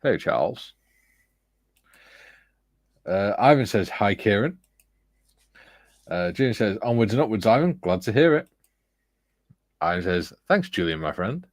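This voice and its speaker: Low-voiced man reading chat. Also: sing-song, moderate pace, long pauses, dry recording. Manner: reads viewer comments aloud, chuckling. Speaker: livestream host reading chat. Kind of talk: casual chat.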